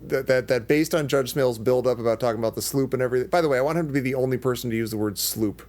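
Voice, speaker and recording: A man's voice: medium pitch, rapid-fire, a little mellow. A man co-hosting a podcast, asking questions and cracking jokes in casual chat. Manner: questioning, jokey. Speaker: podcast co-host.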